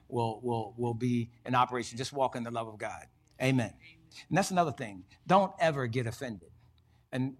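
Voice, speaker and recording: A man preaching a sermon as pastor, repeating key phrases and breaking in with short praises. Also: mid-range voice.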